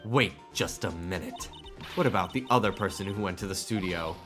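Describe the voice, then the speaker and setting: A man's voice: sits low, normal speed, a bit bright, soft background music. A man reading a cool, curt young prosecutor. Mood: composed.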